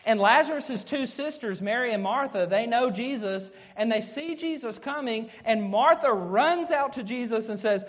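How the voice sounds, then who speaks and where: High-voiced male preacher in a reverberant hall. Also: animated, normal speed, few pauses. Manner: retells scripture with acted-out quotes. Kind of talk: sermon. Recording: dull sound with long hall reverb.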